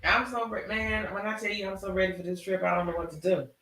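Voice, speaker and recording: High, bright animated man in echoey room. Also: quick pace, gravelly, distant mic. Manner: animated, drawling storyteller with Southern slang. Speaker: podcast host. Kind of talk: casual chat.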